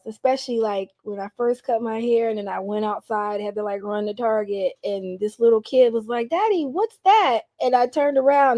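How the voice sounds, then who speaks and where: A young adult woman telling candid stories in an interview, laughing often and acting out what people said. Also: fairly high pitch. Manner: animated, laughs often, acts out quotes. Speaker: guest.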